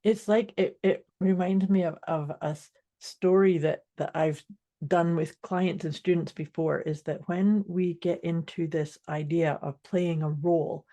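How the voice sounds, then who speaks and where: A woman's voice: lowish voice, fairly even intonation, measured pace, dark tone. A woman with a Scottish accent, a life coach chatting casually and telling stories on a podcast. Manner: chatty, laughs easily, storytelling.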